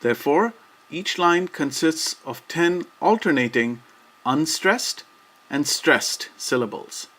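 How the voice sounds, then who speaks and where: A man giving a scripted educational narration about verse, measured and steady, slowing down to recite quoted lines. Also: fairly high pitch. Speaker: lecturer.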